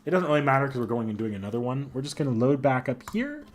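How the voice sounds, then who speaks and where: A man casually commenting while playing a game, rambling and thinking out loud. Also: medium pitch, animated, racing. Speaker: anime club host playing a game. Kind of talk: casual let's-play commentary.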